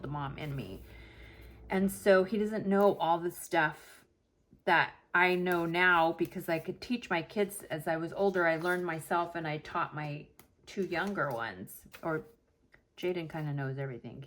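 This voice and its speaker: A middle-aged woman with a fairly low voice chats casually in a planner vlog. She tells her story at length, slipping into the voices of the people in it and scattering "like" through her talk. A faint noise hums behind her. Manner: chatty storyteller, acts out family quarrels; peppers speech with "like". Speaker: planner vlogger. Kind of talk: casual chat while planning.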